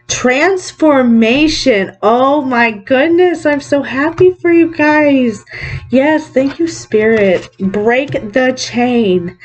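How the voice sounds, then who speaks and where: A woman giving a pick-a-card psychic reading in a gentle, reassuring, chatty way, sometimes correcting herself. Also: sits high, expressive, takes it slowly, soft background music. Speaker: psychic tarot reader.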